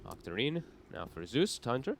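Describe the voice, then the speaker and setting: A man with a North American accent casting a live esports match, with quick play-by-play and reactions. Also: mid-range voice, very animated, gravelly, background noise. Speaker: esports caster.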